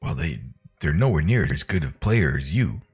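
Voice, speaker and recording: A man's voice: a bass voice, very animated, normal speed, darkish tone, husky, dry recording, faint music behind. A man playing a tabletop role-playing game, speaking in character in a theatrical, playful way. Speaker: player.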